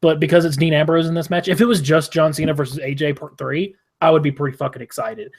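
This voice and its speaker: A man's voice: on the high side, steady tone, quick pace, a little mellow. A man co-hosting a casual wrestling podcast, giving blunt opinions and swearing freely. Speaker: podcast co-host.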